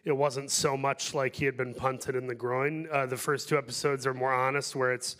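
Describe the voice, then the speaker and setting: A man's voice: mid-range voice, level tone, moderate pace, hardly any pauses, a bit bright. Guy at a film q&a, jokey and rambly, pokes fun at himself. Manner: joking, rambling, self-deprecating. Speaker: actor on a panel. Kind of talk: festival Q&A answers.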